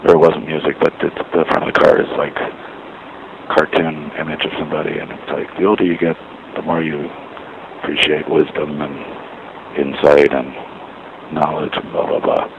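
Very deep gravelly man outdoors. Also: moderate pace. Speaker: vlogger. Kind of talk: rambling casual monologue. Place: outdoors near a parking lot payphone. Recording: noisy outdoor recording.

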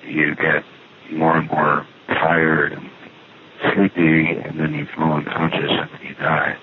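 A man leaving a wry, meandering phone message from a payphone. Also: extremely low pitch. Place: outdoor payphone. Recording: noisy tinny payphone line.

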